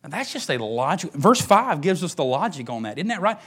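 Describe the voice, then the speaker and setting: A middle-aged man, preaching a sermon as pastor, swinging between emphatic rises and hushed near-whispers. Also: fairly high pitch, very animated, fairly quick, few pauses, breathy edge.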